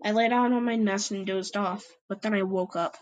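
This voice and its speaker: A woman's voice: mid-range voice, fairly even intonation, moderate pace, low-quality recording. Hesitant young woman storyteller. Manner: hesitant, many fillers. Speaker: storyteller and channel host. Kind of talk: amateur fan story narration.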